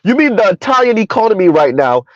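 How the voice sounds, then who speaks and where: A man's voice: sits high, big pitch swings, quick pace, no echo, dull audio. A man hosting an opinion monologue, mocking with repeated rhetorical questions. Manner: sarcastic, repetitive rhetorical questions. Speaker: commentary channel host.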